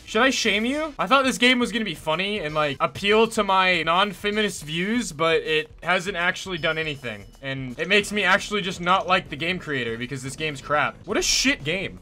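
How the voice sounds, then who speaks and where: High, bright-voiced profane young gamer. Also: male voice, animated, moderate pace, few pauses, soft background music. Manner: exasperated, profane, sarcastic. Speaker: gaming YouTuber. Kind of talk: game commentary.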